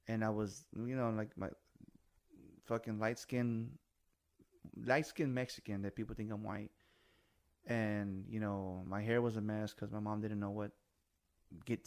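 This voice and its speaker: A man's voice: on the low side, a little mellow. A man in his forties hosting a casual chat, telling stories animatedly and swearing freely, with bits of Spanish. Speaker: podcast host.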